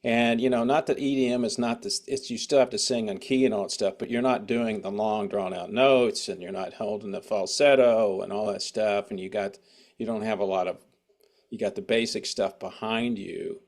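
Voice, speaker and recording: A man's voice: fairly low pitch, steady tone, normal speed. A man hosting an interview, asking long, rambling conversational questions. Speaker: show host. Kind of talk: casual interview chat.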